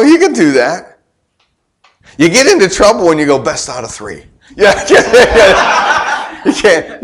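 A middle-aged pastor preaches in a relaxed, chatty style, his slightly high voice swooping widely. He peppers the congregation with rhetorical questions and breaks things up with quick joking asides.

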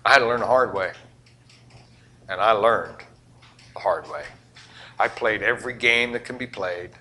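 An older man preaching a sermon, firing questions at the congregation and swinging between loud emphatic lines and quiet asides. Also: on the low side, moderate pace. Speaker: pastor.

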